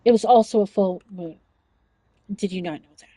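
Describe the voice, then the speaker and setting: A woman's voice: mid-range voice, moderate pace, dark tone, no echo, poor audio. A woman hosting a casual livestream chat, talking chattily, giggling often and reading chat messages aloud. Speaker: livestream host.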